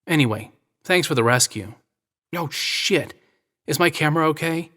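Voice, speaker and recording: A man's voice: a little high, lively intonation, normal speed, sharp tone, voice pushed up. A man voicing a teasing American woman photographer. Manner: playful, teasing, coy. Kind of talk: audio drama reading.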